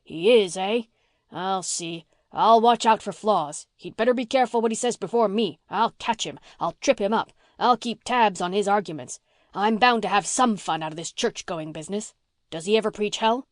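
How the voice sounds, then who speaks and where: A woman's voice: mid-range voice, moderate pace, no room sound, studio quality, lightly acted. Woman voicing Norman Douglas, a blustering old farmer. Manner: bossy, teasing, repeats himself. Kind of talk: audiobook reading.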